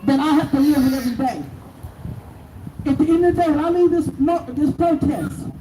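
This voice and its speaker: A woman's voice: sits high, brisk, mellow. A middle-aged bereaved mother giving a raw, angry speech to a crowd at an outdoor protest. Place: outdoors at a protest by city hall. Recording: distant echoey noisy outdoor recording.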